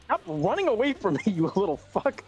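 A man playing a fighting game with a friend, swearing a lot and yelling in frustration. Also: high voice, big pitch swings, a little fast, faint music behind. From Latino. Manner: swears constantly, yells in frustration. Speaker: gaming YouTuber. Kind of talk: casual gameplay banter.

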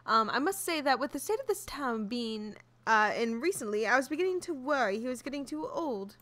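A woman's voice: sits high, lively intonation, a little fast, pushed and bright. Max, a fussy British townsman, as a woman puts him on. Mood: dry.

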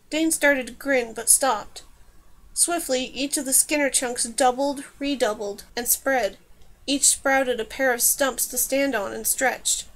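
High-voiced woman narrating a fantasy novel. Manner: steady, measured storytelling. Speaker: audiobook narrator.

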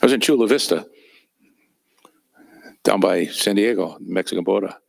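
A man's voice: low voice, normal speed, vocal fry, dry recording, clean studio sound. A man teaching at a church training session, telling personal ministry stories in a conversational, anecdotal way with fillers and chuckles. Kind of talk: storytelling sermon.

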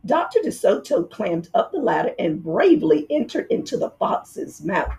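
Slow, lively woman reading a storybook. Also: medium pitch, vocal fry. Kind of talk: children's book read-aloud.

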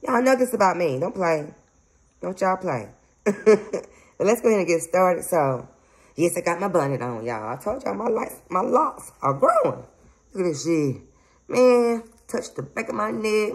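A woman's voice: on the low side, big pitch swings, moderate pace, rough recording. A woman, rambling emphatically to her viewers in a casual spiritual vlog. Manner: rambling, emphatic, frequent laughs, addresses viewers as y'all. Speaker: psychic medium channel host.

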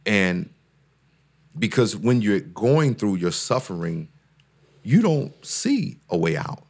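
A man's voice: on the low side, big pitch swings, takes it slowly, a little mellow, slightly rough. A man, a therapist and guest speaker, talking in a casual podcast conversation with an earnest, preacher-like cadence that climbs when he makes a point, often repeating words and restarting sentences.

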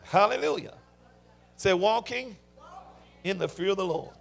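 A pastor with a high, heavily gravelly voice preaches to his congregation, tossing out questions and shouting the answers back. Music plays softly under him in the sanctuary. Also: animated, unhurried. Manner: call-and-response preaching, shouting peaks. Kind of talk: sermon. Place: church sanctuary.

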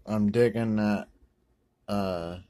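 Slow, low-voiced man opening card packs. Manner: rambling, self-correcting, with many ums and uhs; bursts of excitement over good pulls. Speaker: card-opening video host. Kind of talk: casual pack-opening commentary.

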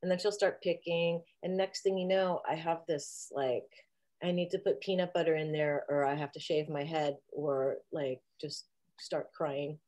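A woman's voice: deep voice, steady tone, moderate pace, darkish tone. Rambling, jokey woman guest on a call. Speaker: interview guest. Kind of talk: casual video chat.

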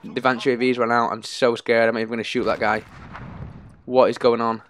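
A man giving live gameplay commentary, excitable and anxious, often pleading under pressure. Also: medium pitch, fast talker, slight background noise. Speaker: gaming YouTuber.

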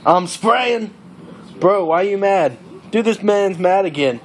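A cocky young party bro brags his way through a game in lazy, drawling slang, played by a young man. The voice sits a little high for a guy, and a faint hiss of noise runs under it. It plays as a comedic character monologue. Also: expressive, a little slow. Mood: boastful bro.

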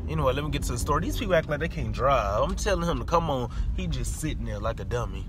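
A man telling an animated story from his car in a casual vlog, breaking off to talk back at other drivers and acting out the people he quotes. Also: mid-range voice, fast talker, noisy background. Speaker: vlogger. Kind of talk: casual storytelling while driving.

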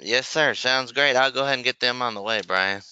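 A man acts out a friendly, relaxed sales call for auto repairs, with many fillers. His voice is bright and smooth. The audio is a little muffled. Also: medium pitch, a little fast. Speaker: service advisor in training. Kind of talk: role-played sales phone call.

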